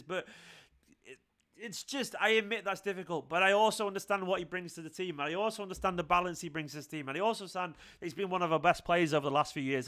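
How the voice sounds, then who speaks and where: A man's voice: high voice, a bit bright. A man hosting a fan channel, giving a passionate, emphatic post-match reaction, swearing and repeating points for effect.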